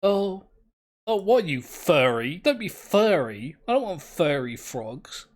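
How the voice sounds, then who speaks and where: A man's voice: a little high, big pitch swings, slow pace. A man, commentating his own game play in a rambling, self-mocking, easily amused way. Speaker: gameplay commentator.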